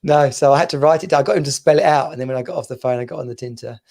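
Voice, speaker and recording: A man's voice: mid-range voice, very fast, creaky, a little mellow. A man co-hosting a podcast, telling anecdotes in casual banter and laughing through them. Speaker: podcast co-host.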